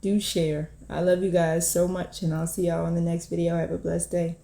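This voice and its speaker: A woman hosts her own channel and gives an earnest prophetic word of encouragement, circling back on her thoughts with frequent fillers. Her voice is warm and dark in tone and stays in a narrow pitch range. The room around her echoes noticeably. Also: level tone, moderate pace, gravelly, slight background noise. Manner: earnest, repeats herself with many "you know"s. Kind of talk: heartfelt encouraging talk to camera.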